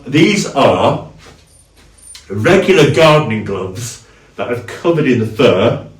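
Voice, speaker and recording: A man casually walking through his costume, chatty and halting, with fillers and restarts. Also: medium pitch, echoey room, distant mic. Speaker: cosplayer, video host.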